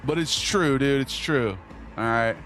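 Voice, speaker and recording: Chatting with viewers mid-game, a young man keeps things slangy and joking over the game's music. His voice is mid-range, a touch slow and a bit bright.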